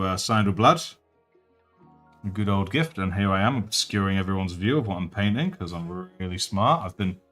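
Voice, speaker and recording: A man with a baritone voice hosting a casual painting livestream, chatty and jokey, thanking viewers as he works. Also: bright, forceful tone. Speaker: livestream host.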